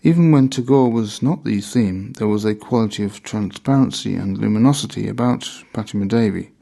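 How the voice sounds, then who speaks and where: A man reading a memoir aloud in measured, deliberate scripted narration. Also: lowish voice, creaky, warm tone.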